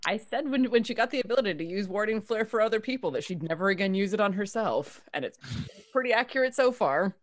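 A woman playing in a tabletop game, chatting about rules with quick, wry remarks. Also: mid-range voice, lively intonation. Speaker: player. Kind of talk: casual game chat.

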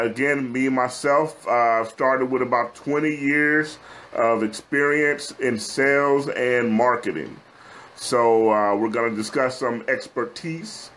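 A man's voice: medium pitch, a bit bright. A middle-aged man with a Texan accent, hosting a casual business-advice livestream in a chatty, folksy way, full of fillers and asides to viewers. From Texas. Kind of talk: casual live-stream talk to viewers.

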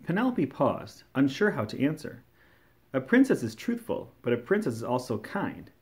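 A man reading a classic children's story aloud, telling it in a warm, expressive storytelling manner. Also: medium pitch, moderate pace. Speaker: storybook reader.

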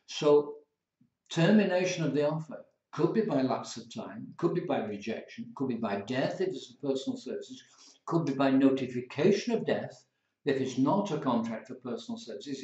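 Man lecturing in a roomy space. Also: mid-range voice. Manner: playful, animated storytelling with acted examples. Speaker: law tutor. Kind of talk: recorded lecture. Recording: roomy, dull lo-fi lecture recording.

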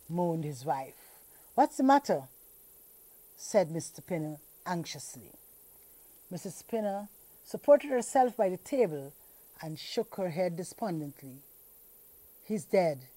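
Woman, from Guyana, slow scripted lesson narration, very animated intonation, deliberate dictation delivery. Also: fairly low pitch, no echo. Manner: slow, deliberate reading with lively dictation-style emphasis. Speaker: teacher.

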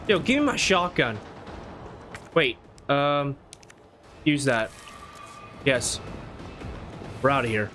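A man narrating his own horror game run, muttering plans and then shouting in panic when chased. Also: mid-range voice, big pitch swings, slow pace, pauses often, faint music behind. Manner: swings from mumbled planning to panicked yelling. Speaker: gaming YouTuber. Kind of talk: let's play commentary.

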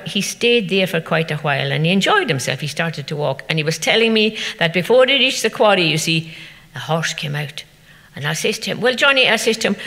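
A woman's voice: low voice, a bit bright. An older woman, telling anecdotes to an audience and acting out the people she quotes. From Scotland. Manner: chatty anecdotal storytelling, acting out quoted voices. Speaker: festival speaker. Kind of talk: storytelling talk to an audience. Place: event venue. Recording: echoey hall.

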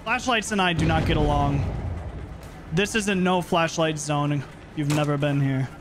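A man livestreaming a game, chatting playfully and yelling at what happens on screen. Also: on the high side, a little slow, over music. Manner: animated, playful, yells at the game. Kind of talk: live gameplay commentary.

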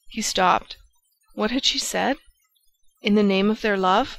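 A woman narrating a classic novel as an audiobook reader, in a steady, measured manner. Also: mid-range voice, no echo, poor audio.

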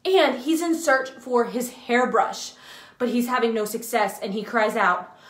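An enthusiastic woman hosts a live children's show with a sing-song lilt. Her voice sits high and she talks at a slow, careful pace. The room around her is echoey. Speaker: children's ministry host.

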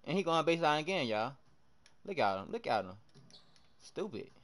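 A young man livestreaming a basketball game, his voice sitting a little high and swinging widely up and down. He keeps up a running commentary for his viewers, loudly trash-talking opponents and reacting to every play. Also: normal speed. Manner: animated trash talk, reacting loudly to plays. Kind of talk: live gameplay commentary.

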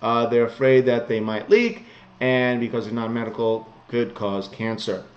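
A sarcastic man riffs bluntly through a batch of news items, chuckling at his own jokes. His voice sits at an ordinary middle pitch. The home recording sounds a little dull and muffled. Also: moderate pace. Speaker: vlogger reading news. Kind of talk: casual news commentary.

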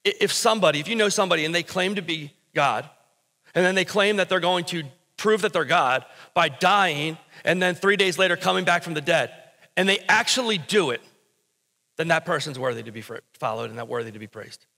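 A man's voice: a little high, fairly quick, pushed and bright, long reverb tail. A pastor preaching a sermon in a church, talking conversationally and asking his congregation questions, then building to emphatic bursts. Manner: rises to emphatic, urgent bursts. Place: church sanctuary before a congregation.

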